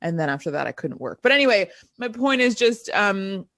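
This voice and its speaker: A woman co-hosting a casual podcast, talking loosely and poking fun at her own chaos. Her voice sits at an ordinary pitch for a woman, and she laughs easily between rambling stories. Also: big pitch swings, brisk, a bit bright. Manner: chatty, self-mocking, laughs often. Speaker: podcast co-host. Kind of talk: casual chat.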